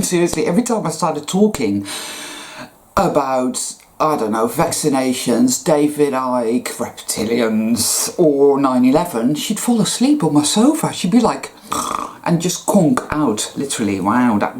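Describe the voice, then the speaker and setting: Low-voiced woman ranting bluntly. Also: animated, unhurried, darkish tone. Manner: blunt, profane and sarcastic. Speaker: spiritual vlogger. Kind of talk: casual monologue rant.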